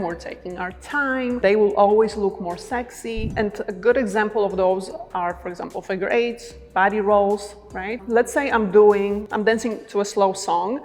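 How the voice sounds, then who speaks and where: A woman's voice: mid-range voice, long reverb tail. A woman teaching dance moves, talking casually and encouragingly, often checking in with "right?" as she demonstrates. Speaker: dance instructor. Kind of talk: instructional talk with demonstrations.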